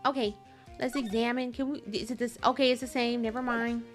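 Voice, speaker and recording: A woman's voice: a little high, fairly even intonation, a little fast, faint music behind. A woman streamer giving casual commentary over a game, chatty and exclaiming as she talks to her chat. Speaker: gaming streamer.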